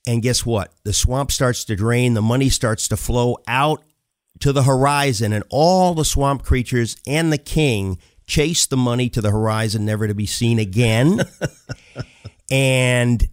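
A man's voice: mid-range voice, normal speed, no room sound. Middle-aged guy telling a goofy story, does little voices, dry close sound. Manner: jokey, energetic, acts out characters in his story. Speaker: guest author. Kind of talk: animated storytelling in casual chat.

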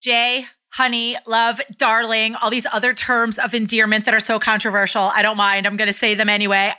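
Bright, bubbly woman interviewing. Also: medium pitch. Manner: bubbly, effusive, chatty. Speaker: podcast co-host and interviewer. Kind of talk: casual podcast interview.

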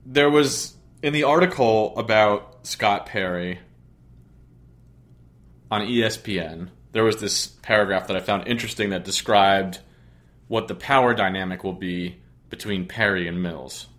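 A man's voice: on the low side, unhurried, a bit bright. A man hosting a sports podcast, chatting casually with a sarcastic, rambling, joking manner. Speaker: podcast host.

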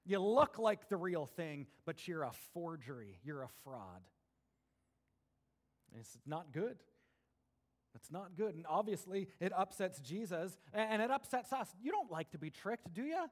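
A man with a high voice delivers a lively sermon to his congregation. He drops into soft, conversational asides, then climbs into loud, emphatic bursts as he drives a point home. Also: moderate pace, hardly any pauses. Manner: animated preaching, swings between soft asides and raised emphatic bursts. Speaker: pastor.

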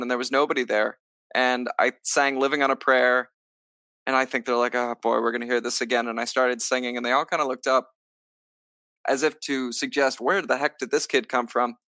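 A man, a stage actor, telling a story in a casual interview, lively and acting out what others said, with lots of filler "like"s. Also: mid-range voice, dry recording, clean studio sound. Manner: animated, acts out quoted lines; many filler likes. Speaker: musical theater actor, guest.

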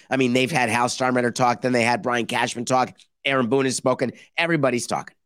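A man hosting a sports podcast, delivering a sarcastic, animated monologue and mock-quoting other people. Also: medium pitch, quick pace, clear, resonant tone, no room sound, studio quality. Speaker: podcast host. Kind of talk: opinionated sports talk monologue.

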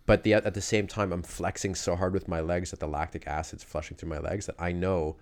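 A man casually recounting his fighting days in a loose, animated way, full of fillers. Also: low voice, brisk, a little hiss or hum. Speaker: guest telling fight stories. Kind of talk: casual conversational storytelling.

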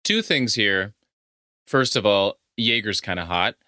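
A man co-hosting a podcast, chatting casually about a film in relaxed, drawn-out remarks with some swearing. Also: fairly low pitch, no echo, clean studio sound. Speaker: podcast co-host.

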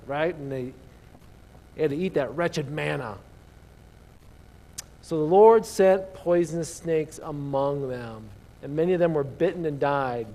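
Preacher man going through scripture, keeps asking the room stuff, voice a little high. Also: measured pace, pauses often. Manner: animated, asks the congregation questions, reads scripture aloud. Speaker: pastor. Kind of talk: sermon.

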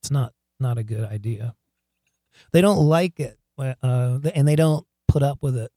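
A man guest in an interview, telling wild stories in an animated, excitable way, laughing often and acting out what people said. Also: medium pitch, moderate pace, dry recording, clean studio sound. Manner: animated, excitable storyteller who laughs often and acts out quotes. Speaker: guest, rock singer. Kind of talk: storytelling interview.

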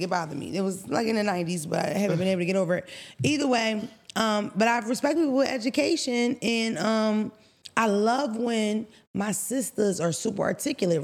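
A woman co-hosting a podcast, telling a story in a blunt, profane, animated way. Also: medium pitch. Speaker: podcast co-host.

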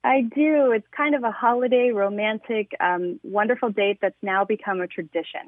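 A woman's voice: mid-range voice, normal speed, no room sound. A woman calling in to a radio show, telling a story with gushing enthusiasm. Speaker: caller. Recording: tinny phone line.

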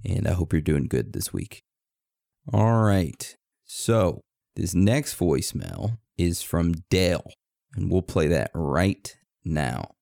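A man's voice: low-pitched, very animated, slow, vocal fry, dark tone, no echo, clean studio sound. A man co-hosting a casual podcast, laid-back and jokey as he introduces listener voicemails. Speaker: podcast co-host.

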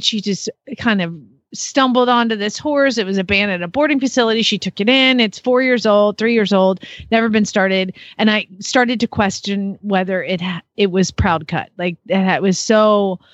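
A woman hosting a casual podcast who tells horse stories animatedly, with quick asides. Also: mid-range voice, a bit bright, dry recording, muffled recording. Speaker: podcast host and horse trainer.

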